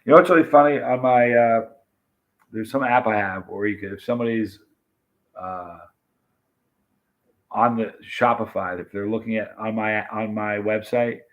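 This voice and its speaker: A man hosting a live stream, chatting casually and greeting viewers by name as he reads their comments. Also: fairly low pitch. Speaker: livestream host.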